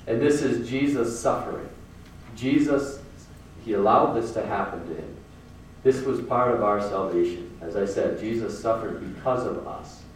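A man's voice: lowish voice, normal speed, slight background noise. A man preaching a sermon in a casual, earnest way, repeating phrases for emphasis. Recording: very echoey room from far off.

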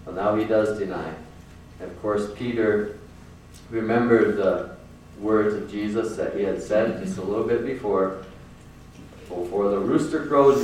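A man's voice: lowish voice, a little mellow, slight background noise. A man preaching a sermon in a casual, earnest way, repeating phrases for emphasis. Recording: very echoey room from far off.

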